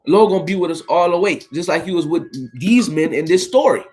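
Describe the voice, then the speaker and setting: A Bible teacher with a high-sitting, darkish voice talks fast over poor audio. He reads scripture and explains it informally, often adding "man" and "all right?" and stumbling over words.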